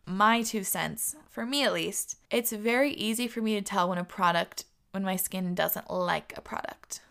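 A woman hosting her show, chatting casually through viewer questions. She talks candidly and swears freely, with a gravelly vocal fry and a middling pitch. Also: a bit bright. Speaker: host.

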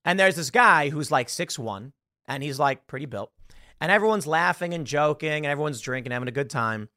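Animated, ranting young man. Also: a little fast, no echo, clean studio sound. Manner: animated, ranting, jumps in pitch for emphasis. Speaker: podcast host. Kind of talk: casual political talk.

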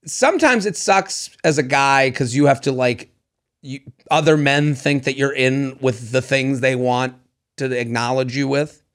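A man co-hosting a podcast in casual chat, animated and quick to slip into goofy voices. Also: mid-range voice. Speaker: podcast co-host.

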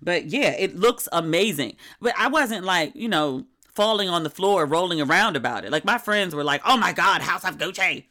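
A middle-aged woman hosting a podcast, chatting casually in a candid, wry, animated way. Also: on the low side, moderate pace, hardly any pauses. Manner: candid, wry and animated, with sudden quoted outbursts. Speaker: podcast host. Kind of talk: casual solo podcast chat.

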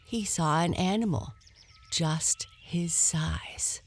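A woman narrating a children's bedtime story in a gentle manner, sometimes dropping to a whisper. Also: on the low side, husky. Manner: gentle, very slow, at times whispered.

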